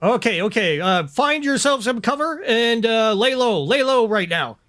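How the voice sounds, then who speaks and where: A man voicing a brisk male station security dispatcher, businesslike and hurried. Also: very high voice, lively intonation, a bit bright, voice pushed up.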